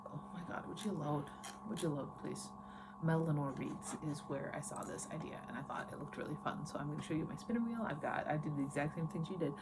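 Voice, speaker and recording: A woman's voice: low voice, quick pace, noisy background. A young woman, a teacher, chatting in a casual reading vlog at home, rambling with fillers. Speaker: teacher and book vlogger.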